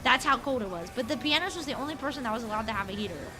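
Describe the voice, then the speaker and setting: A woman's voice: a little high, lively intonation, racing, poor audio. A young woman from the Upper East Coast of the United States chatting casually and animatedly while live streaming a game, swearing freely. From Upper East Coast of the USA.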